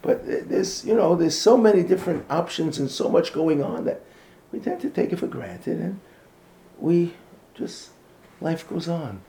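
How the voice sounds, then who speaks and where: Guy giving a heartfelt talk, gravelly voice, lots of restarts, yiddish words mixed in, goes quiet to make a point. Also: on the high side, animated, a little hiss or hum. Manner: earnest, halting, many restarts, drops to a near whisper for emphasis; mixes in Yiddish and Hebrew words. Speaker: speaker on Jewish education. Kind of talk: informal talk or lecture.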